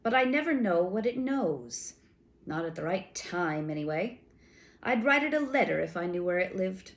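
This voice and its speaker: A woman's voice: on the low side, lively intonation, moderate pace. A woman voicing a brooding young magician man who mutters wryly to himself. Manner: wry, self-muttering.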